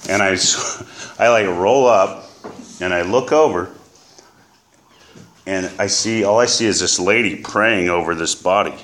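Man, middle-aged, very low voice, halting heartfelt testimony, slight background noise. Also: a bit bright. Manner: halting, emotional storytelling with many fillers. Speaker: recovery speaker. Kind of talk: personal testimony.

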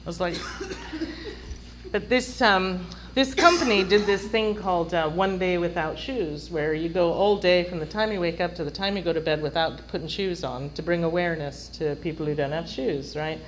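Middle-aged woman, wry storyteller, chatty, slightly low voice, faint background hiss. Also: normal speed, low-quality recording. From London. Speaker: speaker sharing a recovery story. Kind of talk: humorous personal storytelling.

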